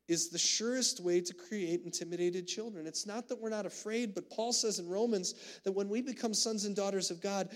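High-pitched guy pastor, 30s, earnest sermon storytelling, lots of restarts. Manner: earnest storytelling with many restarts, growing emotional. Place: church sanctuary.

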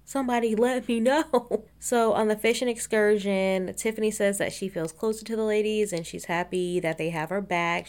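A woman giving a casual, blunt and sarcastic recap of a TV episode, swearing and laughing often. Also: on the low side. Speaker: reality TV recap host.

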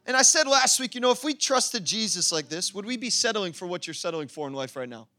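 A man preaching a lively sermon as pastor, laughing often and acting out quoted voices. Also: high-pitched, quick pace, soft background music. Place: church.

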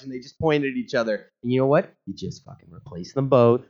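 A man's voice: mid-range voice, quick pace, hardly any pauses, highs cut off. A man co-hosting a casual podcast, trading dry jokes and banter. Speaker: podcast co-host. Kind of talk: casual chat.

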